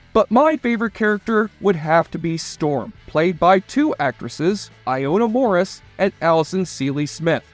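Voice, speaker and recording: A man narrating a scripted nostalgia video in a chatty, enthusiastic fan manner. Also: high voice.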